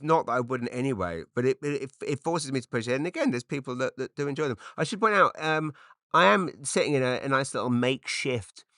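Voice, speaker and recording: A middle-aged English man hosting a podcast, telling rambling comic stories with quick asides and restarts. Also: mid-range voice, fairly bright tone, no echo, studio quality. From England. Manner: chatty, self-interrupting, quick asides. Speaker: podcast host. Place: makeshift home studio padded with cushions.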